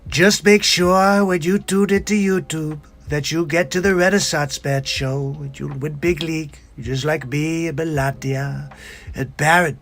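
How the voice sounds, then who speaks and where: A man's voice: fairly high pitch, fairly even intonation, measured pace, a bit bright, faint music behind, voice pushed up. A man doing a comedic impression of a boastful older male politician who repeats catchphrases.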